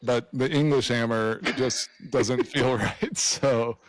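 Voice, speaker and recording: A man's voice: mid-range voice, steady tone, takes it slowly, no room sound, low-quality recording. A man in his thirties co-hosting a podcast, telling stories in a laid-back way and chuckling often. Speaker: podcast co-host. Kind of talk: casual interview chat.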